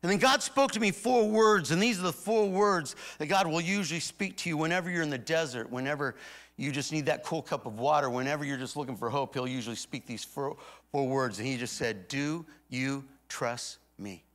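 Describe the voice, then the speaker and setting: Pastor preaching, hushed to booming. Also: male voice, a little fast. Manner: swings from hushed retelling to loud emphatic declarations. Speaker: guest pastor. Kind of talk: sermon storytelling. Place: church auditorium before a congregation.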